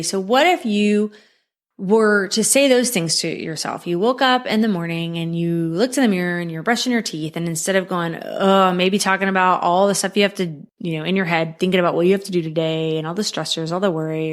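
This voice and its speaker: A woman's voice: fairly low pitch, brisk. Upbeat woman coaching on mindset. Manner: upbeat, coaching, rhetorical questions with frequent "right?" and "you know". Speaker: podcast host. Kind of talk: motivational solo podcast talk.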